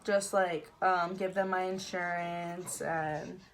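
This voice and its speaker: A woman's voice: lowish voice, fairly even intonation, takes it slowly, slight background noise. Chatty young woman telling her story. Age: young adult. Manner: chatty, laughs now and then, many fillers. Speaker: vlogger. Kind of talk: casual storytelling.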